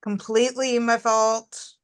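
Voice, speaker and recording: A woman's voice: fairly high pitch, flat delivery, unhurried, close to an everyday voice. A woman playing a sullen, blunt agent. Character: guilt-ridden, prickly female agent.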